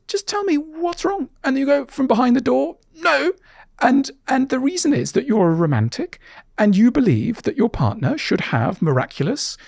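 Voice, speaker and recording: A man talking as a podcast guest, explaining ideas in a conversational way. He stumbles and restarts often, and acts out little quoted scenes with big jumps in pitch. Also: gravelly, a little mellow, dry recording, studio quality. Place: podcast studio.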